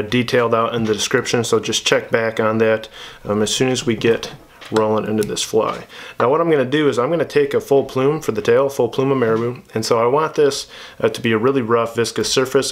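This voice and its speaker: A man teaching fly tying at his bench in a relaxed, chatty way, with many fillers and restarts. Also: mid-range voice. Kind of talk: casual tutorial narration.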